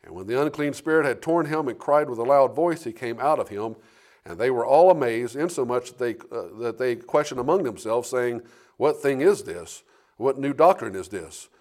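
A man's voice: medium pitch, animated, moderate pace, darkish tone. A man preaching to his church, reading verses aloud and explaining them with restarts and questions to the listeners. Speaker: pastor. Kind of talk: sermon, reading scripture and preaching.

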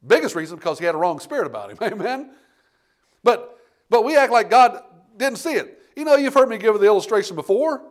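A man preaching a sermon with a fairly high voice. He tells homespun stories and keeps calling out for amens. He swings between booming emphasis and hushed, low asides. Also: very animated, brisk. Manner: folksy storytelling, calls out "Amen?".

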